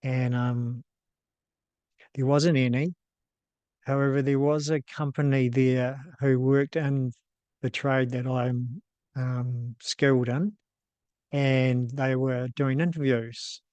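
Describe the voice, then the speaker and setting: A man in his fifties with a New Zealand accent, hosting and telling a personal story in a casual, unhurried way, with frequent ums and restarts. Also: medium pitch, little pitch movement, a little mellow, clear, resonant tone, no room sound, highs cut off. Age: 50s. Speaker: host.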